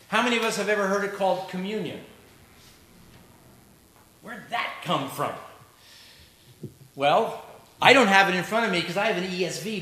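A pastor delivers his sermon in a church, chatting with the congregation and slipping in jokes along the way. His high-pitched voice is bright and forceful, heard on an echoey church recording with a little background noise.

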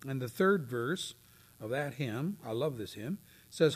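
A man preaching a sermon, swinging from loud, declaiming readings to near whispers. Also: mid-range voice, lively intonation, unhurried. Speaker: pastor. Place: church.

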